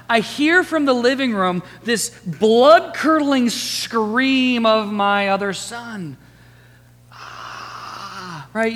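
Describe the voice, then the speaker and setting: Male pastor, 30s, chatty storytelling sermon, high voice, long echo in the sanctuary. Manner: lively, storytelling, chatty with the congregation. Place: church sanctuary. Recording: long hall reverb.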